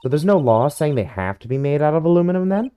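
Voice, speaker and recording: A bubbly, naive young woman, as a man puts her on in a high voice, eager and excitable. Her pitch jumps far above a normal male voice and swings about with delight. It is a game character read aloud by one reader. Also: quick pace, clean tone. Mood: excited.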